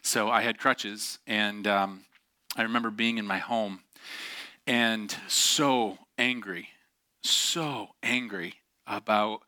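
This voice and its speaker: A man's voice: on the low side, sharp tone, no echo, clean studio sound. A middle-aged male pastor preaching a sermon, telling a personal story candidly with self-deprecating asides and plenty of fillers.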